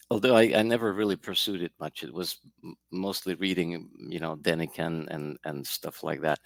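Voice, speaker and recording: A man's voice: low voice, gravelly, fairly bright tone, no echo. A man, an energy healer, giving a podcast interview and telling his story in a reflective, rambling way.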